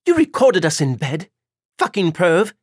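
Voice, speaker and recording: A man raising his voice into a cold woman vampire, taunting, mocking, high, dry audiobook sound. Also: lively intonation, measured pace, no room sound. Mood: disgusted. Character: cold, defiant female vampire, centuries old.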